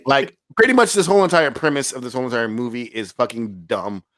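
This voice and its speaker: A man's voice: medium pitch, fast, fairly bright tone, no room sound. A man co-hosting a podcast, giving a sarcastic, exasperated movie review with swearing. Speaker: podcast co-host. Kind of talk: casual movie review chat.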